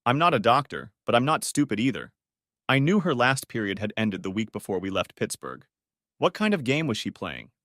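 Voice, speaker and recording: A man's voice: medium pitch, very animated, a little fast, a bit bright, no room sound, clean studio sound. A man narrating a first-person audiobook story in a restrained, bitter tone.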